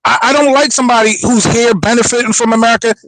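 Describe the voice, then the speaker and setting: A man's voice: very high-pitched, fairly even intonation, fast, fairly bright tone, a little hiss or hum, low-quality recording. A man arguing on a talk show, talking over the other side and repeating "brother" and "Carla". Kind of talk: heated debate.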